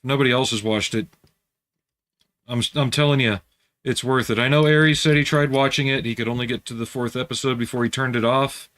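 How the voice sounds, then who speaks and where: A man talks in an easygoing, chatty way as he hosts a casual livestream from his home workspace. He answers viewers' comments while he works, and his voice sits in a middle pitch. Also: steady tone, fairly quick, a bit bright. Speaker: livestream host building scale models.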